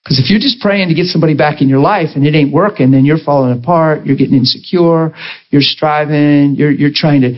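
A man preaching a sermon, telling a personal story with passion and a voice that swings high and low. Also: fairly quick, highs cut off.

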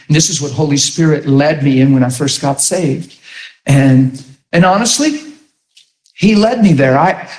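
A man preaching in a conversational sermon, earnest and rambling, laughing often as he tells stories. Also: fairly high pitch. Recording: echoey room.

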